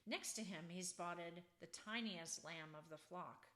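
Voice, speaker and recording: A woman author reading her children's book aloud in an expressive, unhurried storybook manner. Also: on the low side.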